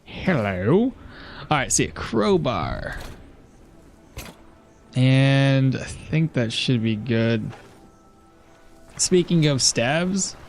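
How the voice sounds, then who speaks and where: A man's voice: mid-range voice, sing-song, slow pace, long pauses, faint music behind. A man giving casual gameplay commentary, thinking aloud as he plays and laughing at chat messages. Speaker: gameplay streamer.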